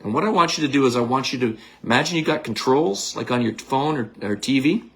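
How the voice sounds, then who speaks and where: Gravelly man coaching a visualization. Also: mid-range voice, fairly quick. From Canada. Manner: energetic, blunt, coaching and casual. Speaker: psychic medium. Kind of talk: guided visualization talk.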